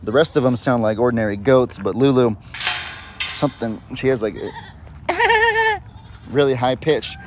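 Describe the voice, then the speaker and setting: Farm-vlog host, a man of average pitch, rambling and chatty on a handheld phone outdoors, with faint noise behind him. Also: steady tone, fairly quick. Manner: chatty, rambling, talks to animals in a sing-song pet voice. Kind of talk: casual live-stream chat. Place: outdoors on a farm among animals. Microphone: handheld phone camera.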